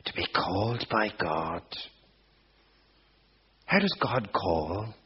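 A man preaching a sermon at a deliberate, unhurried pace, his voice carrying a husky edge. He builds emphatic, repeated phrases as he goes. The recording sounds dull and lo-fi. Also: low voice, animated.

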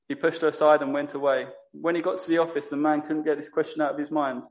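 A man gives a sermon in a fairly high but flat, even voice, earnest and prone to correcting himself mid-sentence. The recording is dull and lo-fi. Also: quick pace. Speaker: lay preacher.

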